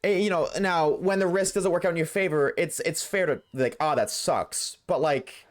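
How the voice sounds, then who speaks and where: At a normal speed and in a high voice, this man streams a game and talks to his viewers as he plays. It's a casual rant to his live chat, blunt and full of swearing.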